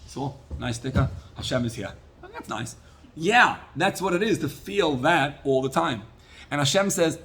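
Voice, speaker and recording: A man, a rabbi, giving a Torah class sermon, teaching in an animated way with Hebrew and Yiddish terms. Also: a little high, normal speed, a little hiss or hum.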